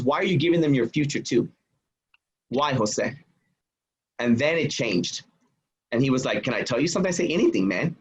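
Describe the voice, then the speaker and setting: Husky man telling a story animatedly. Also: fairly high pitch, highs cut off. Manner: acts out quoted voices. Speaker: podcast guest.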